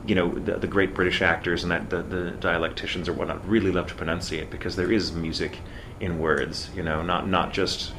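A man with a very low, deep voice talks in relaxed conversation, choosing his words with a slightly theatrical flourish and leaning on easy fillers. Steady background noise sits under his voice throughout. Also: brisk. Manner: articulate, slightly theatrical phrasing, many "you know" fillers. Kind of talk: casual conversation.

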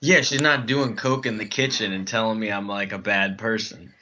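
A man with a lowish, bright, forward voice tells a comic dating story in loose, rambling casual chat. He stumbles through restarts and fillers as he goes. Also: steady tone, moderate pace.

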